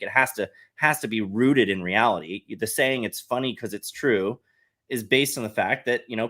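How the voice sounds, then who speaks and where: A man with a fairly low voice, speaking as a podcast guest. He talks through his points earnestly and at length, often circling back with "like" and restarts. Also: a bit bright. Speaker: podcast guest, satire site head. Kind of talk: casual podcast conversation.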